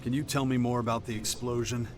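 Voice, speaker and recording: An actor voicing a calm, clipped male game protagonist investigating an explosion. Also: medium pitch, quick pace, lightly acted. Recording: game audio with music behind. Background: music.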